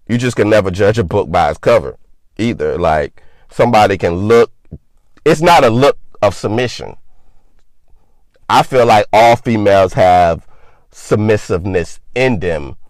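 A man's voice: low-pitched, no room sound. A young man casually telling a personal story, loose and profane, leaning on filler words.

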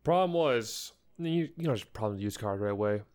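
A man's voice: lowish voice, lively intonation, a little fast, a little mellow, clean tone. A young man co-hosting a podcast, telling an angry story in a casual chat and acting out the people he quotes. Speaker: podcast co-host.

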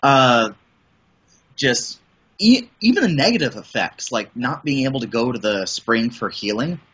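A middle-aged man from the Midwest with a bright but husky voice. He rambles enthusiastically through a casual interview, often restarting his sentences. The podcast audio sounds dull and lo-fi. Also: medium pitch, sing-song, unhurried. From American Midwest. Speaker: podcast guest, voice and audio producer.

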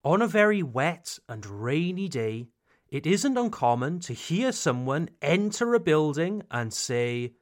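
A British man hosting a language lesson podcast, speaking slowly and emphatically like a teacher and drawing out example phrases. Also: a little high, big pitch swings. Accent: British English. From Britain. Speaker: English teacher, podcast host.

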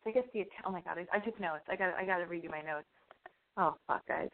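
A woman's voice: on the low side, quick pace. Rambling young woman on a tinny line. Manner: rambling, profane, self-interrupting storyteller. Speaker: internet radio host. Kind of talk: casual rambling monologue. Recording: phone-like narrow band audio.

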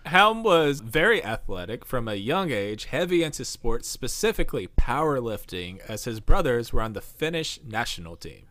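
A man co-hosting a podcast in relaxed, casual chat, laughing easily. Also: medium pitch, normal speed, few pauses. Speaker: podcast co-host.

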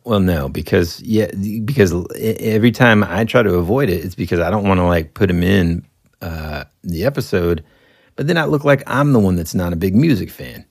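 Male podcast co-host, very low gravelly voice, animated casual storyteller. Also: moderate pace, no echo, studio quality. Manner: animated storyteller, mimics people in raised voices. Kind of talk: casual chat.

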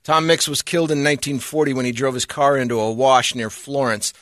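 A male radio co-host with a bright, clear tone, reading out facts in a plain, matter-of-fact way. He is close on a dry studio mic. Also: medium pitch, steady tone, a little fast, no room sound. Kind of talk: casual banter, reading facts.

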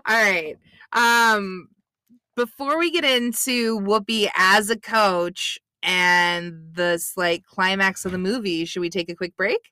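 Sassy woman co-host, bright voice. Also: mid-range voice, slow pace, clean tone, no echo. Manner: sassy, teasing, blunt. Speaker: podcast co-host. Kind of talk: casual movie-recap chat.

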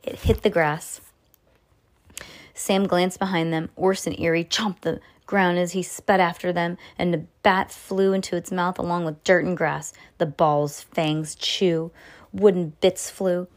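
A woman reading a children's adventure book aloud at home, with lively, expressive reading and occasional stumbles she corrects herself. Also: a little slow. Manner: expressive read-aloud with pitch jumps for dialogue; casual asides about the book. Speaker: reader.

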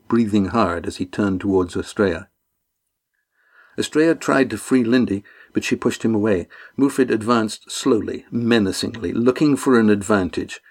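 A man reading a novel chapter aloud as narrator, in a measured, dramatic storytelling manner. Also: lowish voice. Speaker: audiobook narrator. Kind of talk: scripted narration.

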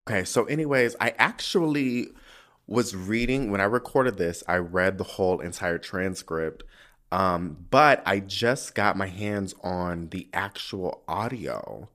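A man hosting a podcast, talking in a sassy, profane, animated way. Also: deep voice, unhurried. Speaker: podcast host. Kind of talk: casual commentary.

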